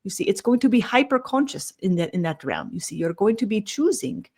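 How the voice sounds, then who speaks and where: A woman giving a channeled spiritual talk, slow and meandering, humming "mm" between phrases and tagging almost every thought with "you see", her phrase endings trailing off quietly. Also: medium pitch, very animated, creaky, husky.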